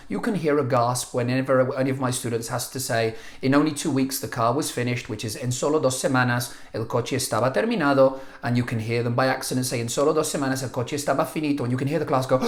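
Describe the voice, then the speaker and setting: Animated man teaching in an echoey room. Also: medium pitch. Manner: animated, jokey, exasperated. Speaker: language teacher. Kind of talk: video lesson.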